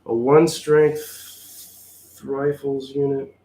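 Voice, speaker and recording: A man's voice: medium pitch, little pitch movement, very slow, mellow. A man giving a wry, sarcastic play-by-play of his own solo tabletop wargame, sounding mildly exasperated. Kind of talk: casual play-by-play of a tabletop game.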